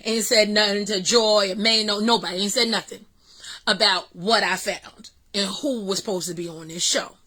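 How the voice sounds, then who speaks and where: A middle-aged woman, excitedly telling a story to her vlog audience with lots of fillers. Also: mid-range voice, moderate pace, low-quality recording. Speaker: vlog host.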